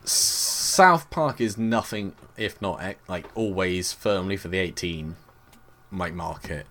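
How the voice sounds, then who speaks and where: A man's voice: sits low, takes it slowly, a bit bright, slight background noise. A British man co-hosting a podcast, chatting casually and giving opinions with frequent filler words. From Britain. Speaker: podcast co-host. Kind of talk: casual chat. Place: Bristol.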